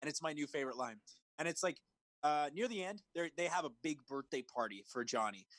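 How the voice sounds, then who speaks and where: Animated man on a podcast call. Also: a little high, brisk, no echo. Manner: animated, swearing, laughs, mimics lines. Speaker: podcast co-host. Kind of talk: casual movie review chat. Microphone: remote call recording.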